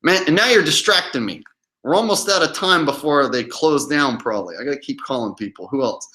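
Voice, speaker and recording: A man's voice: a little high, lively intonation, a little fast, bright, forceful tone. A man hosting his own livestream, talking casually in a profane, defiant way and mocking his critics. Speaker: channel host.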